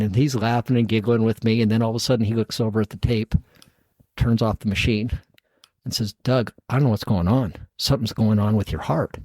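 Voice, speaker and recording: A man's voice: on the low side, steady tone, a little fast, darkish tone, no room sound. A middle-aged man, a podcast guest, tells his own story in casual talk, acting out the voices of the people in it and chuckling at himself.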